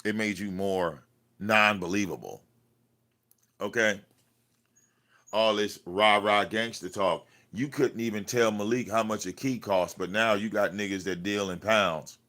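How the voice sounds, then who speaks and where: A man's voice: on the low side, a little slow, pushed and bright. A man hosting a livestream, ranting at someone in a confrontational, profane way and repeating himself. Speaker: livestream host. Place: cluttered home room.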